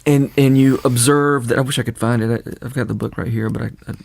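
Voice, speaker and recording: An older man with a Southern accent hosting a podcast, talking in a halting way and repeating words. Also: mid-range voice, fairly even intonation, gravelly, darkish tone. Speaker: podcast host. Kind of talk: casual conversation.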